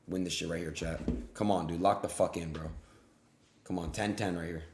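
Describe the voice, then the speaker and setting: Young male streamer, casual and crude, lower register, volatile delivery, echoey room sound. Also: steady tone, brisk, noisy background. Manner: profane, swings from yelling to muttering. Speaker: live streamer. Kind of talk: live-streamed gambling commentary. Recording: roomy echo.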